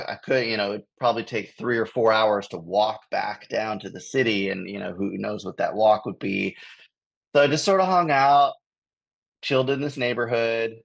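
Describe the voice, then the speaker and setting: A touring improv comedian from Los Angeles, appearing as a guest on a video call, tells a rambling story and chuckles often. His voice is fairly low with vocal fry, and the recording sounds muffled.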